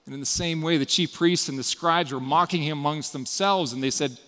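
A man giving a sermon, retelling a story with dramatic shifts between loud emphasis and hushed passages. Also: on the high side, fairly quick, hardly any pauses, long reverb tail. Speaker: preacher.

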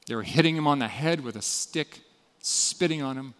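A man giving a sermon, retelling a story with dramatic shifts between loud emphasis and hushed passages. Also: mid-range voice, moderate pace, big-room sound. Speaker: preacher.

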